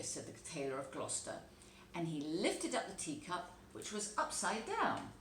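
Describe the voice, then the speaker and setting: A woman reads a storybook aloud to children, her voice swooping up and down with lively expression. The room is echoey and roomy, with a faint hum of background noise beneath her. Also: fairly low pitch, moderate pace. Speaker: teacher reading a story aloud. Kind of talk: storybook read-aloud narration.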